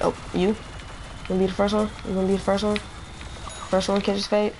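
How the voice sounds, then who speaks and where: A man giving live gameplay commentary, excitable, trash-talking in slang and repeating phrases. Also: high voice, fairly quick, slight background noise. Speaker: gamer.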